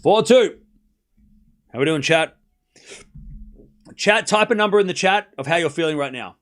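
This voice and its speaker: A man hosting a live stream, calling tennis play-by-play in a chatty, excitable way, joking about the crowd and talking to his viewers. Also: on the high side, normal speed. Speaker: stream host.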